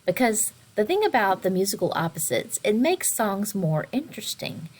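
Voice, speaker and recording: A woman teaching a recorded online music lesson to children, expressive, with slowed and whispered words for emphasis. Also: mid-range voice.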